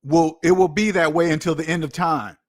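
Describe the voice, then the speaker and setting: A man's voice: a little high, steady tone, brisk. A man hosting a finance channel, ranting casually, incredulous and repeating lines for emphasis. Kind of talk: casual livestream rant.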